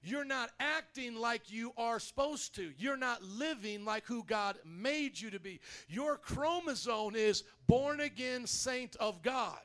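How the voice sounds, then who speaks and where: High-voiced energetic preaching man. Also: slow pace, few pauses. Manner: energetic, conversational preaching with audience call-outs. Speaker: pastor. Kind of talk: sermon. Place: church.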